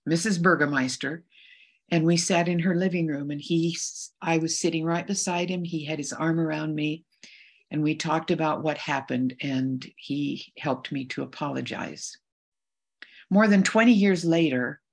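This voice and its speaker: Low-voiced middle-aged woman telling an earnest story. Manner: earnest, measured, with frequent restarts. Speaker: guest speaker. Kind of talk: heartfelt personal storytelling. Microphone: video call.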